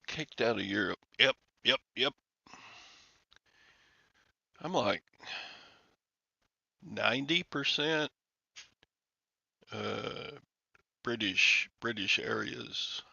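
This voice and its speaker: An older man with a drawl chats with his livestream viewers in an unhurried, gravelly voice. He rambles along with chuckles and sighs. The recording is dull and lo-fi with a dry, close sound. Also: lowish voice, lively intonation, pushed and bright, no echo. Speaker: livestream host. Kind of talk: casual chat with viewers.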